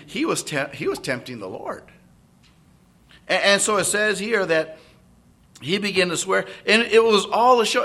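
A man delivers a sermon in a high, bright voice that swings widely in pitch. He keeps checking in with his listeners through short tag questions. His tone is lively and animated throughout. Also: creaky. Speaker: preacher. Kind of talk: expository sermon.

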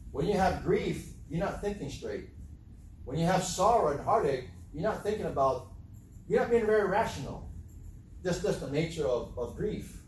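In a conversational sermon peppered with rhetorical questions to his listeners, a man's high-side, darkish voice comes from a distance, off-mic. The room is very echoey, with slight background noise.

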